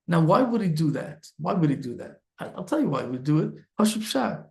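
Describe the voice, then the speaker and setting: Animated rabbi with a gravelly high voice. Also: male voice, brisk, hardly any pauses. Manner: animated storyteller, acts out characters, frequent restarts. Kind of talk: Torah talk, storytelling sermon.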